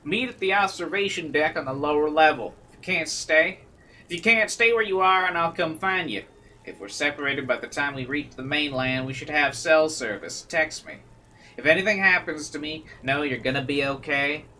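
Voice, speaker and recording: A man's voice: on the high side, moderate pace, pushed and bright, a little hiss or hum, voice pushed up. A man putting on a Southern US accent to voice a protective big brother writing a note. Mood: earnest. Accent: put-on Southern US.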